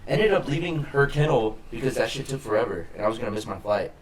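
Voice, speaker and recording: A man's voice: medium pitch, expressive, quick pace, a little hiss or hum. A young man chatting on a podcast, swearing freely as he tells a story and acts out the people in it. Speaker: podcast co-host. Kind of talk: casual chat.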